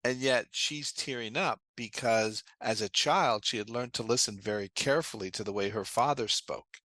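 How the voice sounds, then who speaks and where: A man's voice: medium pitch, normal speed, bright, forceful tone, dry recording. A man being interviewed as a trauma therapist, explaining earnestly and telling anecdotes in a conversational way.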